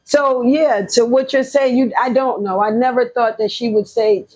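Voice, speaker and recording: Female guest, higher voice, lively, supportive storyteller. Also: moderate pace, low-quality recording. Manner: affirming, animated storyteller. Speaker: podcast guest. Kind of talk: casual conversation.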